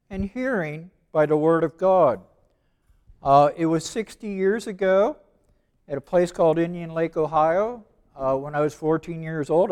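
An older man in his seventies delivering a sermon, his voice sitting a touch higher than most men's. He is emphatic, comes back to key words again and again, and draws out the verses he reads. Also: darkish tone, smooth. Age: 70s. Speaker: preacher teaching evangelism.

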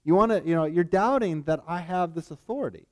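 A man's voice: high-pitched, brisk. A man preaching a sermon in a casual, conversational way, often checking in with his listeners. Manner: conversational, frequent "right?" asides.

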